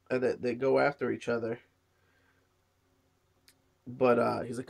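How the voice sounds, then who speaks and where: A man's voice: medium pitch, fairly even intonation, unhurried, gravelly, pauses often, husky. A man who is sick and coughing, casually reviewing a manga chapter and rambling with many fillers. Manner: rambling, lots of "you know" and "uh". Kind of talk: casual chat.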